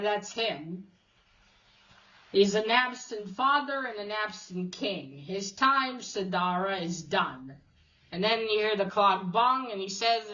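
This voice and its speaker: Woman, casual comic recap, slow unhurried delivery, middle pitch, dull lo-fi sound. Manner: retells scenes, quoting characters in a flat loose way, many "uh"s and "he's like". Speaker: comic reviewer.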